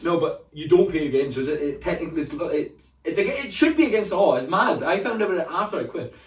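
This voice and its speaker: A man's voice: a little high, expressive, fast, distant mic. A man co-hosting a comedy podcast, telling rambling stories with a lot of laughter. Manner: rambling storyteller, laughs a lot, shouts when mimicking. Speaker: podcast co-host. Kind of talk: casual comedic chat. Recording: roomy sound, speaking away from the mic.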